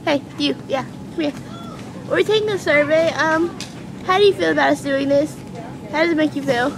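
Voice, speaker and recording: A woman's voice: sits high, moderate pace, noisy background. A woman teasing her cousins and then asking shoppers survey questions in a store. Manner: giggly, teasing. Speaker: cousin in a prank vlog. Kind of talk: casual chat. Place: big store, indoors.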